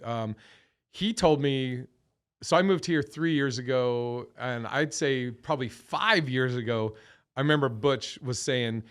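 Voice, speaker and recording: A man's voice: mid-range voice, unhurried. A man in his thirties, a comedian guest telling stories in a loose, rambling way, swearing often and correcting himself mid-sentence. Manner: rambling, profane, self-correcting. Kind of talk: casual storytelling.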